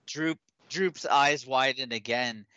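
A man narrating as game master in a tabletop game, halting and restarting as he goes. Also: mid-range voice, sharp tone, no room sound, muffled recording.

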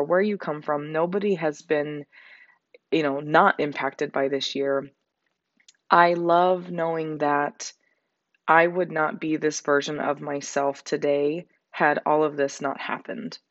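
A hoarse young woman with a raspy edge talks earnestly into her podcast mic, rambling and filling gaps with likes. The sound is dry and close, with a slightly dull, lo-fi tone. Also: sits low, no room sound. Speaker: podcast host. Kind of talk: reflective solo podcast talk.

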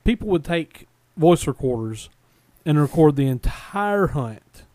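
A man's voice: a little high, a little slow, no echo. Guest man telling ghost-hunting tales. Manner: relaxed storytelling with many "like" and "I mean" fillers. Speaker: podcast guest, former ghost hunter. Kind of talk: casual chat.

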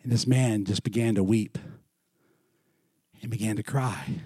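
Man preaching with a dark, dry voice. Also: measured pace, pauses often, breathy edge, no echo. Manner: swings between loud lively storytelling and quiet earnest lows. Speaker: pastor. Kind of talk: sermon with storytelling. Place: church.

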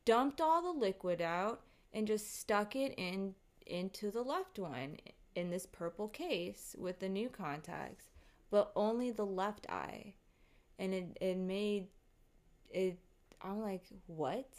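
A woman's voice: mid-range voice, slow. Woman vlogger, mid-range voice, chatty and shaken storyteller who swears a lot. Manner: animated, profane, rattled storytelling. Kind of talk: casual storytime monologue.

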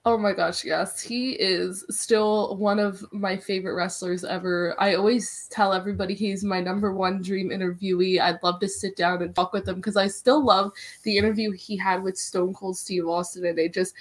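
A woman's voice: mid-range voice, normal speed, few pauses. Bubbly young woman telling a story. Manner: bubbly, excitable storytelling, many "like"s. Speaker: wrestling interviewer, podcast guest. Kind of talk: casual podcast chat.

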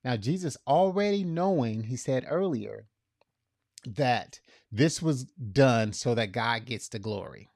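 Slow, measured man preaching. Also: expressive, no room sound, clean studio sound. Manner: conversational preaching, acting out scripture dialogue; drops soft and low for tender lines, rises loud for emphasis. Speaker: pastor. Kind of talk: sermon.

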